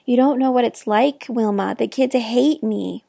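A woman's voice: fairly high pitch, unhurried, creaky, dark tone, dry recording, clean studio sound. A woman reading as a tearful, defeated teacher. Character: discouraged young woman teacher, weepy.

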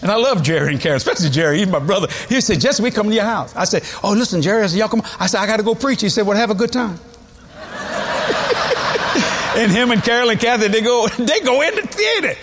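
A man's voice: sits high, lively intonation, quick pace, fairly bright tone, slight background noise. A man, preaching a sermon in a folksy, storytelling way with chuckles. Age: 70s. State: has a cold.

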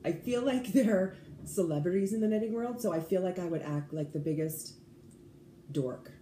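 A woman's voice: fairly low pitch, normal speed, mellow, a little hiss or hum. A woman co-hosting a casual podcast, agreeable and enthusiastic, with hesitant fillers. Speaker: podcast co-host. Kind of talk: casual chat. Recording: roomy room echo.

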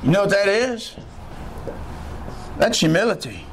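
Man, pastor, sermon, folksy storytelling, high voice, faint room hum behind. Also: measured pace. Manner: folksy storytelling preaching, rising to excited high-pitched bursts. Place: church.

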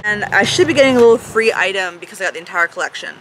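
A woman's voice: medium pitch, lively intonation, racing, background noise. A woman giving a goofy, bubbly product review and swearing casually. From Canada. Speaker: beauty vlogger.

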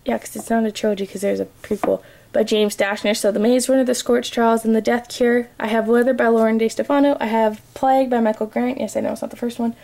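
Young woman vlogger, gravelly, mellow tone, chatty, rattles off lists with ums. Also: fairly high pitch, level tone, fast talker. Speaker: book vlogger. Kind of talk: casual bookshelf tour vlog.

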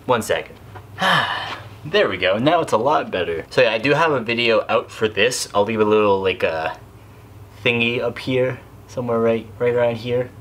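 A young Canadian man reviews a cosplay mask on camera in a casual, chatty, rambling way with plenty of fillers. His medium-pitched voice is fairly bright and fairly quick.

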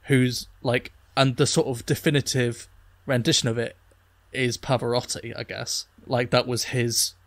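With a mid-range voice that barely moves in pitch, a man co-hosts a podcast, speaking a little slowly with no echo. The talk is loose and casual, full of "like" fillers and frequent laughter.

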